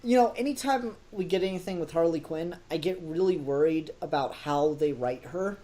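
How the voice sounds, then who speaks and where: A man co-hosting a casual podcast film review, talking with animated energy, laughing often and swearing casually. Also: on the high side, normal speed. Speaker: podcast co-host.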